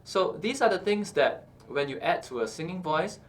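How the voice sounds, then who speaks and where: A man with a fairly high speaking voice talks through singing technique in a calm, explanatory way. He pauses on fillers and often checks in with a quick "okay". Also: slight background noise. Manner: explains calmly with frequent uh and okay, breaks into short sung examples. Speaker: singing teacher. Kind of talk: instructional talk with sung demonstrations.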